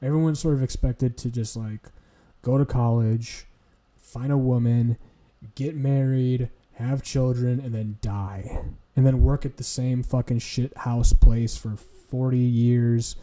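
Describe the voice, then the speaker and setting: A man's voice: mid-range voice, fairly even intonation, slow, warm tone. A man streaming, ranting casually in a profane, blunt, lecturing way.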